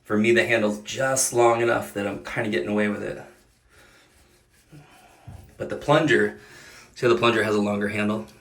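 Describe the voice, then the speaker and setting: A man's voice: on the low side, fairly even intonation, normal speed, long pauses, fairly bright tone, far from the mic. A middle-aged man doing a how-to demonstration, reassuring and joking as he coaches the viewer, a little out of breath from the effort. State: out of breath from exertion. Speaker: home repair video host. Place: bathroom. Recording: echoey bathroom, voice off-mic.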